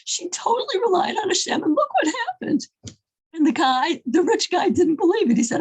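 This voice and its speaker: A woman telling a faith story in a casual, lively way, her voice high and sweeping up and down as she goes. She stumbles and restarts phrases often, keeping it informal and warm in pace. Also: moderate pace, poor audio.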